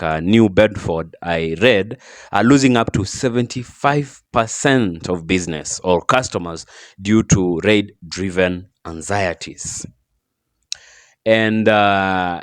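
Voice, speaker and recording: A man hosting a commentary show, reading his points in a halting way with many fillers and restarts. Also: fairly low pitch, clean tone, no room sound, studio quality. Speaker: commentary host. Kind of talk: scripted commentary.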